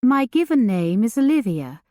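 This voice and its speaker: A woman voicing a timid young governess who speaks hesitantly and quietly. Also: fairly high pitch, big pitch swings, moderate pace, no room sound, studio quality.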